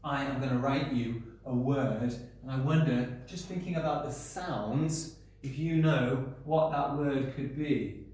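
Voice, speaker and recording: A male primary school teacher giving a recorded lesson, playful and sounding out letters slowly. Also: mid-range voice, darkish tone. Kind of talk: recorded home-learning lesson. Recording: very echoey room.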